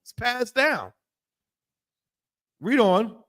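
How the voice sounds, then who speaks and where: A man leads a Bible law class, swearing freely and firing off rhetorical questions. His voice sits high and swings widely up and down as he preaches. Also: very animated, drawn-out words, fairly bright tone. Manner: blunt, profane, rhetorical questions. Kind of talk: fiery preaching lesson.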